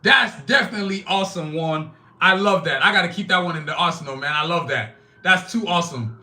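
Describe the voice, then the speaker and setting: Speaking directly to his chat, a Nigerian podcast host on his own live stream is blunt, emphatic, and full of profanity. His voice sits high and has a sharp tone, and his pace is brisk.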